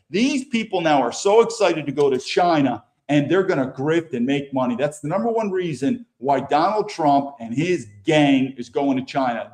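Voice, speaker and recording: An American man talks through news clips in an unscripted, rambling way. His voice sits fairly high for a man, and his opinions come out blunt, with frequent false starts and repeated words. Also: darkish tone. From United States. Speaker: political commentary show host. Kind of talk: casual commentary over news clips.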